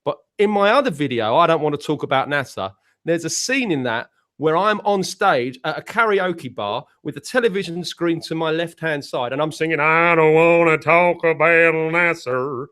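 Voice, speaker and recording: English man, slightly high voice, casual panel chat, rambling anecdotes, lots of restarts. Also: lively intonation, normal speed, hardly any pauses, fairly bright tone. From United Kingdom. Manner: rambling storytelling with many restarts. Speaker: panel guest, musician.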